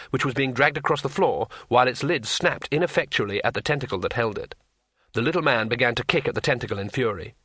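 Male narrator, bright clear voice, dramatic measured delivery, dry booth sound. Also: medium pitch, no room sound. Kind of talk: audiobook narration.

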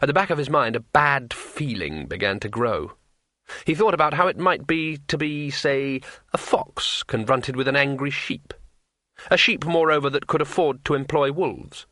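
A man reading a fantasy audiobook in a measured, unhurried way. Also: medium pitch, pushed and bright, no room sound, studio quality. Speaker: narrator.

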